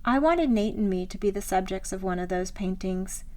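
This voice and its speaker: A woman author reads her memoir aloud in measured, reflective narration from a script. Her voice sits at a medium pitch with a darkish tone.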